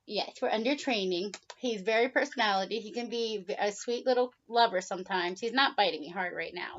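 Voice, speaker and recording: A woman's voice: brisk, few pauses, lo-fi sound. Chatty woman telling a pet story. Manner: chatty, with frequent "um"s and soft laughs; high baby-talk voice when coaxing the bird. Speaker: vlogger, pet bird owner. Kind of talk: casual storytelling to camera.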